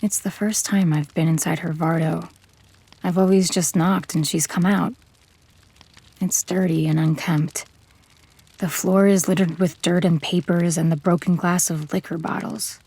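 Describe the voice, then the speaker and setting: A woman narrating an audio drama in first person as a tough, terse gunslinger, in a measured, hard-bitten way. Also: on the low side, steady tone, warm tone, breathy edge, no room sound.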